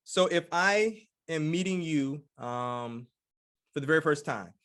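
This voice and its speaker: A man from the United States hosting a podcast interview, enthusiastic and quick to affirm his guest. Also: on the high side, lively intonation, a bit bright. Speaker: podcast host.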